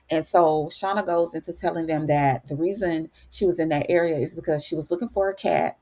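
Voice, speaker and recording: Speaking low and quick with few pauses, a woman hosts a slangy, casual TV episode recap. She calls her listener honey and plays out the characters' lines in lively, varying tones.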